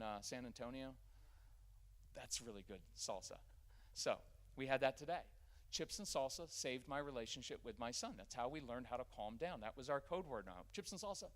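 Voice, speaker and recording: A man's voice: medium pitch, fairly bright tone. A man in his fifties giving a live parenting workshop, joking and acting out parent-child dialogues. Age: 50s.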